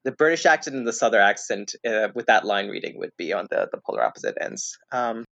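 A man chatting casually as a podcast guest, rambling and hesitant, restarting his sentences and filling pauses as he goes. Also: fairly low pitch, sing-song, creaky, a bit bright, dry recording. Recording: dull lo-fi dry recording.

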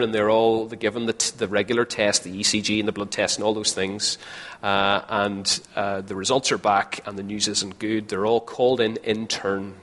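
A man's voice: fairly low pitch, fairly bright tone. A man preaching a sermon in an earnest way, now and then acting out the voices of imagined people. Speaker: pastor. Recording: long hall reverb.

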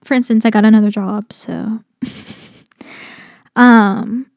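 A young woman hosting a podcast in casual, rambling chat, full of "like" fillers and animated exasperation. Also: mid-range voice, slow pace, vocal fry, dry recording, studio quality. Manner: rambling, heavy use of "like" fillers. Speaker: podcast host.

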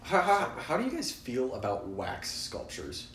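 A young man chatting casually on a podcast. He is animated, swears, and stammers when he gets excited. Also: medium pitch, measured pace. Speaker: podcast co-host. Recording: echoey room with faint noise.

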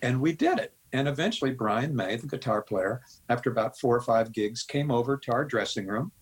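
Older man from the Midwest, husky voice, rambling storyteller who quotes everyone. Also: mid-range voice, lively intonation, fairly quick, poor audio. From American Midwest. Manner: rambling anecdotes with laughs and quoted dialogue. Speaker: guest musician. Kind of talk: storytelling interview.

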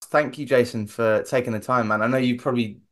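A man hosting a podcast, talking in a relaxed, informal way in a casual interview chat. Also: mid-range voice, a little fast. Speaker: podcast host.

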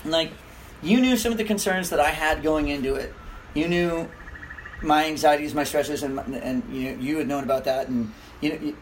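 A man chatting casually among friends, telling animated stories and slipping into quoted voices. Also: a little high, moderate pace, slight background noise, low-quality recording. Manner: animated storyteller who puts on an Irish accent for quotes. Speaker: ultrarunner guest. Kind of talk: casual chat over beer. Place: garage.

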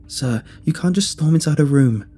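A man's voice: fairly high pitch, animated, moderate pace, warm tone, breathy edge, faint music behind, voice pushed up. A man voicing a polite, firm female hospital nurse in a narrated horror story. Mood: firm, concerned.

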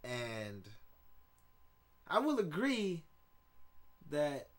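A man, hosting a casual solo podcast in a loose, rambling, excitable way, swearing often. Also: a little high, extremely slow. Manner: rambling, loose and excitable, with frequent profanity and laughs. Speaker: podcast host.

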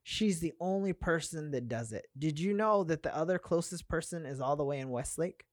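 A woman's voice: sits low, moderate pace, dry recording, clean studio sound. A woman guest on a podcast, chatty and earnest, talking through many fillers. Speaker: guest business owner. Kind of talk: casual podcast chat. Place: podcast studio.

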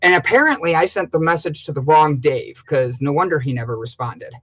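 A man co-hosting a casual live stream, excitable, laughing often and calling out viewer names. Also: fairly high pitch, a little fast, rough recording. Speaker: livestream co-host.

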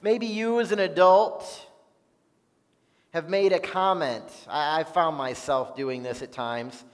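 A man with a high voice preaches a sermon at a slow, deliberate pace. He reads scripture in an earnest tone, and his words ring out with the long reverb of a church hall. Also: steady tone. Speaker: pastor.

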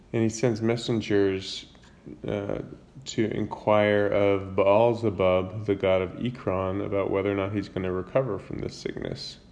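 A man with a low voice talks through a Bible passage in an easygoing, informal way. He paraphrases the story loosely, stopping to correct himself and using everyday fillers. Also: darkish tone. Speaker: Bible reader retelling scripture. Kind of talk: casual Bible summary and commentary.

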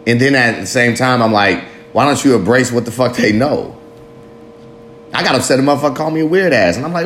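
A man's voice: mid-range voice, expressive, fast, slight background noise. A man in his late thirties talking candidly to the camera in a rambling, self-mocking, heavily profane confessional monologue. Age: 30s.

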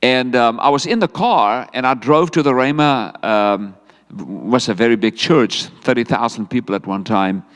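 A middle-aged man with a South African accent preaches a sermon, telling his story with lively energy and stepping into quoted lines. His voice rings through a large hall with long reverb, sitting at a middle pitch for a man. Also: normal speed. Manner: animated storytelling preacher, voicing God and himself in quotes. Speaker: pastor. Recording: echoey hall sound.

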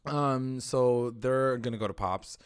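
A man's voice: medium pitch, unhurried, clean tone. A man co-hosting a podcast, casually recapping a TV episode, acting out characters' lines and swearing freely. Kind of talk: casual chat.

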